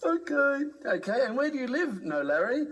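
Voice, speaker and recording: High, lively Australian man joking around. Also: brisk, muffled recording. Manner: playful, exclamatory, chatty. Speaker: entertainer, co-host. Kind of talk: comedic banter and ventriloquism skit.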